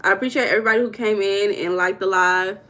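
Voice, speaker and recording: A woman's voice: mid-range voice, steady tone, fast, bright, forceful tone. A woman from the United States hosting a casual livestream, greeting viewers by name and talking about money mindset in a chatty, playful way.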